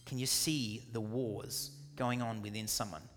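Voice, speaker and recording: A man preaching a sermon, animated and jokey, with quick asides and acted-out dialogues. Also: medium pitch, long reverb tail, soft background music. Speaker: pastor.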